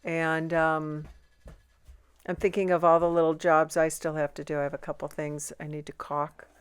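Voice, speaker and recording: A woman co-hosting a casual podcast from a home basement studio, chatting in relaxed, playful banter. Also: low voice, normal speed, smooth. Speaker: podcast co-host. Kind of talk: casual chat.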